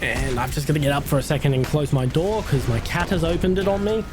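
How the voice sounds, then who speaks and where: A man's voice: on the high side, quick pace, loud music behind the voice. A man with a received Australian accent, chatting casually with viewers as a streamer and laughing often. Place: home room.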